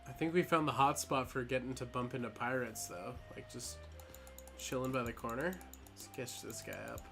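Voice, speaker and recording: A man's voice: mid-range voice, steady tone, normal speed, creaky, fairly bright tone, faint music behind. Laid-back man commentating a game. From New Mexico. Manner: laid-back, joking, thinks aloud. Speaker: gameplay commentator. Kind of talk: casual gaming commentary.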